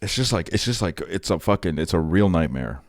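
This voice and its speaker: A young man with a very low voice chats casually and animatedly with his stream chat at a fairly quick pace, answering viewer messages as they come in. He rambles through stories, swearing plenty and leaning heavily on "like" as a filler. The sound is close and dry, with no room echo.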